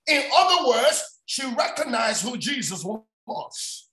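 Impassioned high-pitched male preacher, echoey. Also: very animated, slow pace. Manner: impassioned, shouting preaching with repeated phrases. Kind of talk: prayer-line sermon. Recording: echoey room sound.

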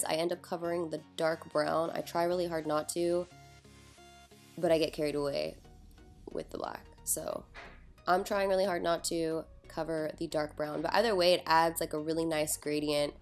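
A young woman chatting casually through a makeup tutorial, joking at herself and sounding a little sleepy. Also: sits low. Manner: chatty, self-deprecating, talks through each step. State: sleepy, just woke up. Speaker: beauty vlogger.

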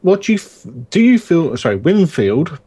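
A man's voice: on the high side, very animated, moderate pace, mellow, breathy edge. A man hosting a casual podcast chat, reading listener questions aloud and joking about them. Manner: chatty, reads questions out then jokes.

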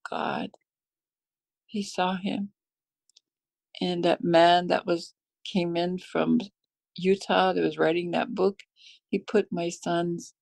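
Her fairly low, creaky voice has a slightly mellow quality, and the recording is dry. She is a middle-aged American guest telling a heartfelt story of her faith, becoming emotional and tearful at moments.

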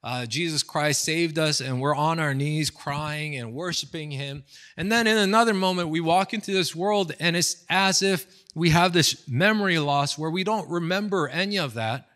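A man's voice: on the high side, normal speed. A man in his thirties from the United States, a pastor giving a casual storytelling sermon with lots of fillers. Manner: casual, animated storytelling with fillers and acted quotes. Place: indoors, online seminar recording.

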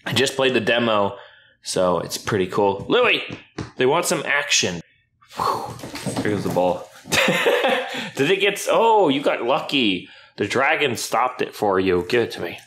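A man chatting casually on camera while playing with his puppy, playful, often jumping up into high baby-talk at the dog. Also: big pitch swings, unhurried, a bit bright. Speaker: YouTuber filming his dog. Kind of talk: casual vlog chat with a puppy.

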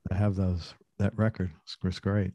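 A man hosts a casual interview, asking long, enthusiastic, rambling questions. His voice sits a little low. The sound is close and dry, with no room echo. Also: little pitch movement, normal speed, dark tone. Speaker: interview host.

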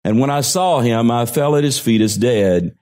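A pastor preaching, reading scripture aloud and slowing down to stress key phrases. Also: male voice, medium pitch, lively intonation, a little mellow. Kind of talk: sermon.

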